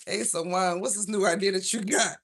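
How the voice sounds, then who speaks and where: A woman with a Southern US accent, chatting casually through a live tarot reading from home, slangy and quick to laugh. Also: medium pitch, fairly even intonation. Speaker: tarot reader.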